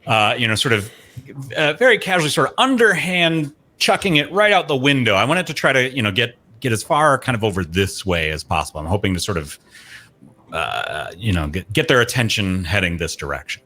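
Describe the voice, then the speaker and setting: A man's voice: mid-range voice, very animated, a little fast, pushed and bright. A man playing a tabletop game, describing his moves casually with lots of "you know" and "sort of". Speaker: player.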